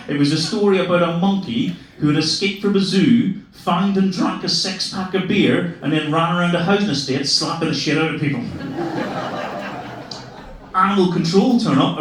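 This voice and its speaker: An Irish man in his forties doing stand-up comedy, swearing freely and laughing as he teases the crowd. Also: sits high. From Ireland. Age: 40s. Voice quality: profane, laughing banter. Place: comedy club, live audience. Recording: echoey club from a distance, crowd. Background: audience laughter.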